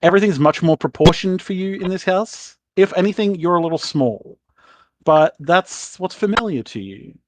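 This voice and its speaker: A man's voice: high voice, expressive, normal speed, no echo. A man narrating as game master in a loose, rambling way, swearing casually.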